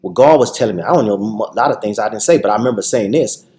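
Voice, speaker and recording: A man's voice: lowish voice, animated, very fast, dark tone, a little hiss or hum. A man guest on a radio interview, telling his personal story with emphatic repetitions and frequent restarts. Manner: acts out quoted voices. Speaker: guest, TV show founder.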